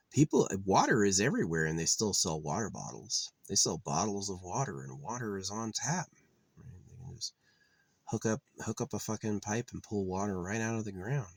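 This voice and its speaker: A vlogger with a very low, gravelly, husky voice meanders through a loose monologue full of swearing, frequent "like" and "uh" fillers, and restarts that circle back on themselves. The recording is dry and close, with no room sound around it.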